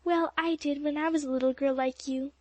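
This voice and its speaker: Woman reading as storybook teen girl, eager, breathless, raised pitch, dry close recording. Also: fairly even intonation, a little fast, darkish tone, no echo, lightly acted. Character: kind eager teenage girl, warm-hearted.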